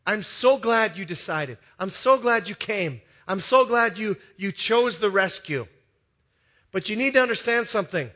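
Preacher doing Jesus, gentle, earnest, slow, bright tone. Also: male voice, high voice, lively intonation, pitched above the performer's own voice, exaggerated voice. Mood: tender. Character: Jesus welcoming a rescued man, gentle and earnest.

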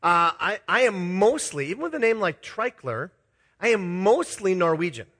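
A middle-aged Minnesota pastor tells self-deprecating stories in a sermon, chuckling as he confesses his own foibles. His voice is high-pitched and fairly bright with a breathy edge, swinging widely in pitch at a moderate pace.

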